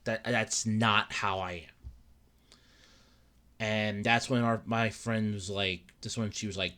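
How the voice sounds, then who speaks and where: A man's voice: lowish voice, unhurried, sharp tone. Rambling, upset young man podcasting solo. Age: young adult. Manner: rambling, repeats words, acts out his own thoughts. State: upset and dejected. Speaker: podcast host. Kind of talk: casual solo podcast rant.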